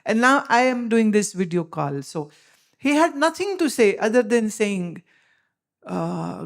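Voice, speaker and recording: A woman speaking English with an Indian accent delivers a spiritual talk to her followers. Her manner is emphatic and lecturing, and she presses her points with rhetorical questions at a middling pitch. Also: sing-song, a little slow, vocal fry. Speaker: spiritual teacher.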